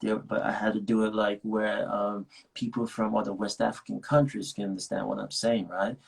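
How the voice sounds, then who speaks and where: Husky-voiced man from Nigeria, chatting loosely. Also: on the low side, fairly even intonation, normal speed, low-quality recording. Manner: rambling, with many restarts and laughs. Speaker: actor guest. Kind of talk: casual interview chat.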